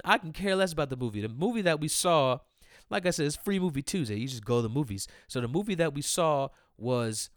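A man in his twenties telling a profane, animated story in casual talk, repeating lines for emphasis. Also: medium pitch, smooth, dry recording, clean studio sound.

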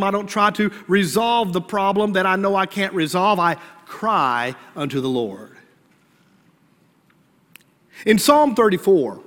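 A man preaches with a high, ringing voice that lifts on key points and sinks to quiet prayer. His sermon carries a long reverb from a church sanctuary, and his tone is bright and forward. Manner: earnest preaching, swinging between raised emphasis and hushed prayerful lines. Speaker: pastor.

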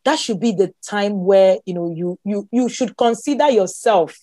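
A woman's voice: mid-range voice, normal speed, mellow, no room sound, clean studio sound. A woman with a Nigerian accent, a guest animatedly telling a personal story. She exclaims often and laughs as she talks.

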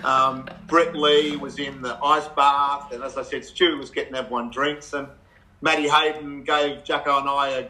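Australian man, middle-aged, bright forceful voice, animated storyteller, casual interview guest. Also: medium pitch, moderate pace, low-quality recording. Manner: animated, laughing, acts out quotes.

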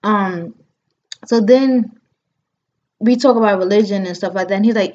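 A woman in her thirties tells a story in a relaxed, chatty way, and her voice jumps up whenever she acts out a line someone said. The recording sounds dull and lo-fi. She talks at a middle pitch for a woman. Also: moderate pace, pauses often. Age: 30s. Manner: animated, acts out quotes, frequent fillers. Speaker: podcast host. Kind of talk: casual chat, storytelling.

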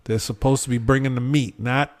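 A man's voice: mid-range voice, fairly even intonation, a little fast. A man on a casual podcast, telling a story animatedly with lots of fillers and acted-out quotes. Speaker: podcast host. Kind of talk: casual chat.

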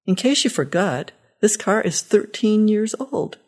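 A woman reading the lines of a patient daughter-in-law who gently humors an old man in a short story. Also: mid-range voice, lively intonation, measured pace, pitched above the performer's own voice. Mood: soothing. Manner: soothing, patient.

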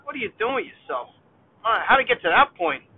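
A man's voice: high voice, big pitch swings, fast, slightly rough. A man, ranting comically to the viewer while driving in a car, chatty and exasperated. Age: 30s. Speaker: vlogger. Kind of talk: rambling comedic rant while driving. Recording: tinny phone-like sound, dry.

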